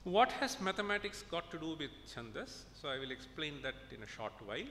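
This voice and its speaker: A man's voice: sing-song, fairly quick, fairly bright tone. An Indian man, a professor, lecturing at a conference, explaining step by step and checking in with his listeners as he goes. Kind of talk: lecture with examples and recitation. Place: conference hall. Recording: echoey hall with faint rumble.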